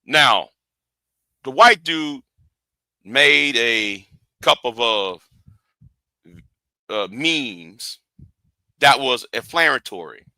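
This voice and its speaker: A man's voice: medium pitch, expressive, extremely slow, long pauses, pushed and bright, no echo. A man hosting a livestream rant, lecturing his viewers and often repeating and restarting his phrases. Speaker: livestream host.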